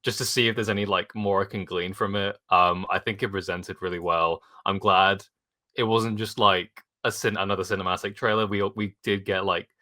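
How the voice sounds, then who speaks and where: A man co-hosting a gaming podcast, talking casually and excitedly with constant fillers and restarts. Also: low-pitched, moderate pace. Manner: rambling, excited, full of "like" fillers. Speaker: podcast co-host. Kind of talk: casual chat.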